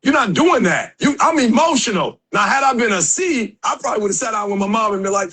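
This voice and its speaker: A man giving a motivational speech to a live audience, casual and slangy, building up to emphatic shouted calls to action. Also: high voice, expressive, a little fast, husky, low-quality recording. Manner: emphatic and conversational, with slang and rising shouted exhortations. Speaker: motivational speaker.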